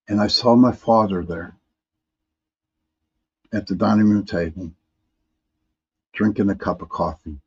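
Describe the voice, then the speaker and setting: A man's voice: lowish voice, a little mellow, breathy edge, highs cut off. A man hosting a live paranormal talk stream, reading viewer comments in a rambling way, often restarting and repeating words.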